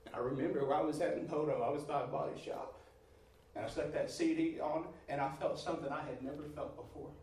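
A man preaching a testimony sermon, emphatic, swinging from quiet talk to near-shouting and calling his listeners brother and sister. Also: fairly high pitch, fairly even intonation, fast talker. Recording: echoey hall from far off, faint noise.

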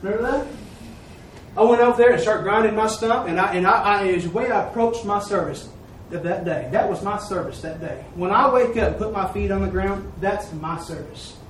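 A man's voice: high-pitched, brisk, a little hiss or hum. A man giving a folksy sermon testimony at a church service, telling a story and acting out the quoted dialogue. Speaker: lay preacher. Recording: echoey room, mic far off.

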